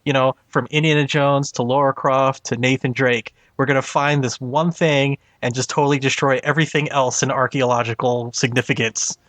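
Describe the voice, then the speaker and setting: A man co-hosting a podcast, chatting casually about movies, with frequent laughs and halting restarts. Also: mid-range voice, steady tone, fairly bright tone, no echo. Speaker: podcast co-host. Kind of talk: casual movie review chat.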